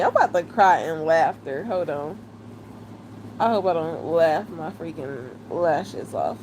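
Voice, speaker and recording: A woman's voice: low-pitched, animated, a little mellow, slight background noise. A woman, chatting casually and laughing often during a live stream. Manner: laughing, chatty, drawn-out exclamations.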